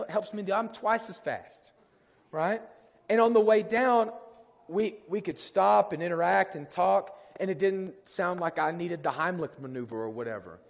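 A man with a hoarse, worn-out voice preaching a sermon, telling self-deprecating stories with jokes. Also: sits high. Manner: self-deprecating storytelling, lively and joking. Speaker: pastor. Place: church sanctuary. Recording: long hall reverb.

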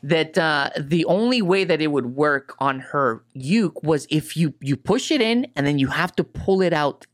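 A man's voice: fairly high pitch, lively intonation, unhurried, few pauses. A man in casual chat, telling a tour story in a rambling way, swearing often and saying "dude" and "like" constantly. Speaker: guitar tech guest.

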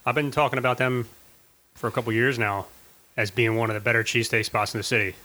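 A man's voice: medium pitch, steady tone, fast, bright, forceful tone, rough recording. A man co-hosting a casual chat, tossing in short, dry, teasing remarks. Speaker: podcast co-host.

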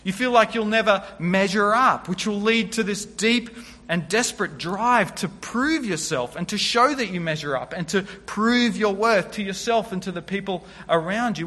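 A man's voice: high-pitched, bright, forceful tone. A man preaching a sermon, earnest and emphatic as he works through scripture verse by verse. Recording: long reverb of a large hall.

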